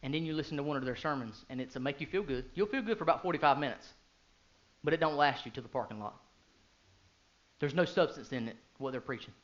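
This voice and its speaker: Expressive and fast, a pastor in his thirties moves between soft, low delivery and loud, fervent bursts, asking the congregation question after rhetorical question. The recording is muffled.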